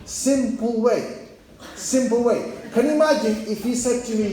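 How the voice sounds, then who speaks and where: An Islamic preacher with a very high-pitched, warm voice speaks at a moderate pace, telling a story within his sermon. He performs the quoted voices of its characters and speaks straight to young men listening, all in a very echoey hall with faint background noise.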